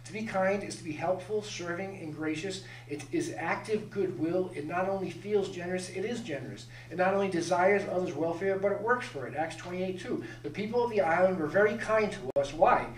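Male pastor, sermon delivery, emphatic with rhetorical questions; slightly high voice, picked up from a distance in a reverberant hall. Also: fairly quick, hardly any pauses, slight background noise. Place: church sanctuary.

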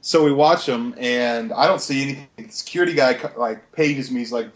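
A man's voice: mid-range voice, brisk, few pauses. A young man telling stories in a laid-back, profane way, with many fillers, in casual chat.

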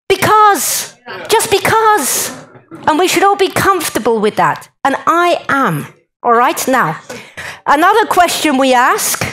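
A woman's voice: sits high, rough recording. A woman giving a chatty, joking talk to a live conference audience and speaking straight to the crowd.

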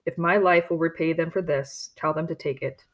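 A woman reading the lines of a troubled pioneer father, quiet, sad and resigned. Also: sits low, steady tone, moderate pace, close to an everyday voice. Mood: sorrowful. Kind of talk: storybook character voice.

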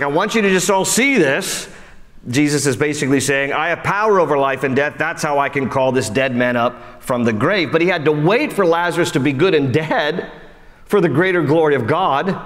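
Animated male preacher in a reverberant hall. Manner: animated preaching, swinging between emphatic highs and soft low lines; conversational, with frequent "you know" asides. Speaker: pastor. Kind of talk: sermon. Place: church sanctuary.

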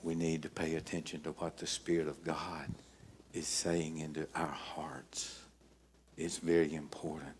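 An older man preaching a sermon as pastor, emphatic, telling stories with dramatic pauses. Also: very deep voice, level tone, slight background noise.

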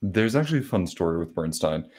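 Deep-voiced male podcast host. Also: sing-song, darkish tone, breathy edge. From South Carolina, US. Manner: unhurried storyteller, frequent filler pauses. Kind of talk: casual conversation.

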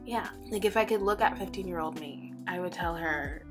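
A woman's voice: fairly low pitch, normal speed, few pauses, over music. A woman in her twenties talking casually to camera in a personal vlog, rambling, often laughing, and close to tears. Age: 20s. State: holding back tears. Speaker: vlogger.

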